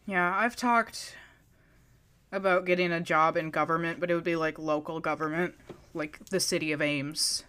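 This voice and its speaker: Smooth-voiced young woman chatting. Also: low-pitched, fairly even intonation, moderate pace, pushed and bright. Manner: chatty, offhand, joking. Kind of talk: casual chat.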